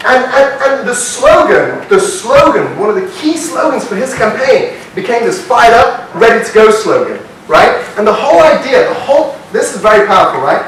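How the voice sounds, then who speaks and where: A man telling a story to a live audience at a business workshop, animated and constantly checking in with "right?" as he asks the room questions. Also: very high voice, normal speed, few pauses. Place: hall with a seated audience. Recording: very echoey hall, mic far off, faint hiss.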